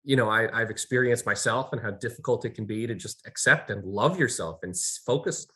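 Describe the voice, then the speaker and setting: A young adult man co-hosting a casual talk show, animated and storytelling as a counselor. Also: lowish voice, fairly quick. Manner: animated, storytelling with acted quotes. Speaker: podcast co-host, counselor. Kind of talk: casual conversation.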